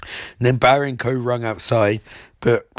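A man's voice: medium pitch, fairly even intonation, measured pace, no echo. A young man giving a rambling, mocking recap of a TV episode. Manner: rambling, mocking, with filler restarts.

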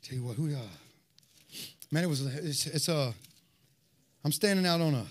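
A man giving a fervent sermon and personal testimony, telling his story in an animated way and peppering it with "man.". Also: on the high side, moderate pace. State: sweating, winded after worship. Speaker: lay preacher giving testimony.

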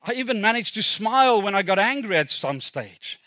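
A man's voice: sits high, big pitch swings, moderate pace, pushed and bright, no room sound. A middle-aged South African man, a native Afrikaans speaker, preaching a sermon as a pastor in a conversational, self-deprecating way with asides to the congregation.

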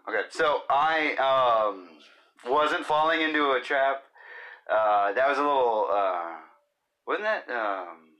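A man's voice: mid-range voice, lively intonation, slow pace, bright, forceful tone, dull audio. A man in his thirties hosting a casual solo podcast, rambling and joking, often slipping into silly voices and bits of singing. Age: 30s. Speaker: podcast host.

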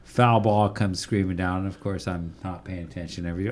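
A man's voice: low voice, fairly even intonation, brisk, noisy background. A man co-hosting a podcast, telling rambling, self-deprecating stories in casual sports chat. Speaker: podcast co-host.

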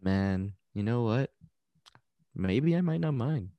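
A man's voice: lowish voice, expressive, takes it slowly, no echo, muffled recording. A young man in a casual podcast chat, joking and swearing freely. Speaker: podcast co-host.

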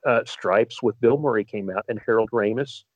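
A man's voice: fairly low pitch, normal speed, dry recording, muffled recording. A man co-hosting a podcast, rambling through stories in casual chat and often restarting his sentences. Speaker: podcast co-host.

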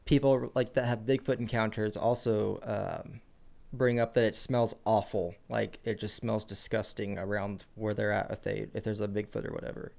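A man's voice: lowish voice, little pitch movement, normal speed, gravelly, a little mellow. A man co-hosting a podcast, talking in an easygoing, joking way. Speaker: podcast co-host. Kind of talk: casual podcast chat.

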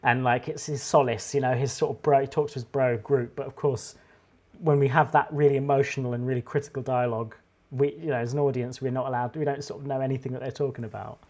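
A man in a casual podcast chat, pitching a game idea in a rambling, enthusiastic way with many restarts. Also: fairly even intonation, fast, a little mellow. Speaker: podcast co-host.

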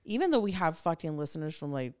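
A woman's voice: low voice, very animated, quick pace, warm tone. A young woman co-hosting a podcast, chatting casually with lots of swearing and laughter. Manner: profane, laughing, loose banter. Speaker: podcast co-host.

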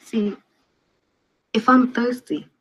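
Brash, husky young woman, slightly high, assertive and teasing. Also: steady tone, slow pace, fairly bright tone, exaggerated voice, poor audio. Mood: lecturing. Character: brash, talkative young woman lecturing her boyfriend. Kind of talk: film dialogue.

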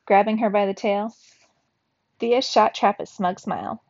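A woman reading a children's chapter book aloud as a teacher, lively, with small slips and laughs at her own mistakes. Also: mid-range voice, unhurried, gravelly. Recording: slightly dull lo-fi recording in a dry room.

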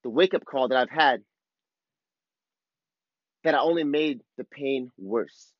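In a mid-range, unhurried voice, a thirtysomething dad who vlogs opens up about what he's struggling with, cursing offhandedly along the way. There's no room sound, and the quality is lo-fi.

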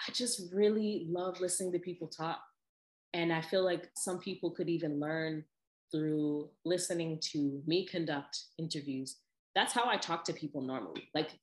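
A woman with a low voice talks in a loose, animated way, jumping between tangents and putting on quick voices. Her voice rings off the walls of a reverberant room. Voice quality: animated, lively with laughs and imitated voices. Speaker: podcast host. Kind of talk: casual chat. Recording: echoey room.

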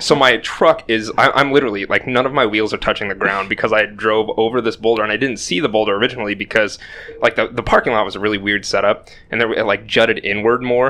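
A man's voice: fairly low pitch, sharp tone. A young man telling a rambling, self-deprecating story in casual podcast chat, swearing freely. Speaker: podcast co-host.

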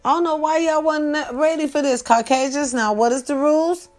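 Brief: young woman host, casual night chat, animated and teasing, streetwise tone. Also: sits high, moderate pace, faint music behind.

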